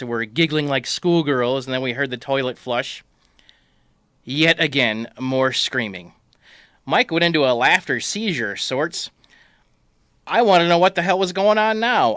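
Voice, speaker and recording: A man reads out a comic tale from his own life with a wry, deadpan delivery. His voice is bright and sharp at a middle pitch. The sound is close and dry. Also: clean tone, no room sound. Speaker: storyteller. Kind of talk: reading a comic personal story.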